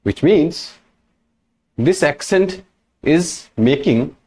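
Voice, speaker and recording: Guy teaching a lesson, slow and careful, voice goes up and down a lot, keeps saying right? correct?. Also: on the high side, animated, dark tone. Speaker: French teacher.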